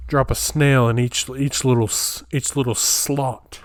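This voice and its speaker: A man's voice: medium pitch, steady tone, a little slow, no echo. Rambling incredulous young man, dry close sound. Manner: rambling, incredulous, riffing while reading aloud. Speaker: podcast host. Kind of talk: solo comedic podcast rant. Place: small home room, camera on floor.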